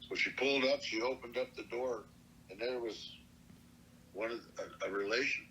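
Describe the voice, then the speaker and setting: An older man from Montana recounts memories in a plainspoken, earnest way. His voice is bright and forceful, at a middle pitch, with a faint hiss of noise behind it. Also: normal speed, low-quality recording. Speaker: elder storyteller. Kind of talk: personal oral-history storytelling.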